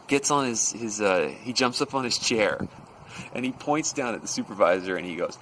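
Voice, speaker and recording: A man telling a workplace story in a casual, animated way, acting out the people in it. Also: lowish voice, moderate pace, slight background noise, low-quality recording. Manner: animated, acts out quoted voices.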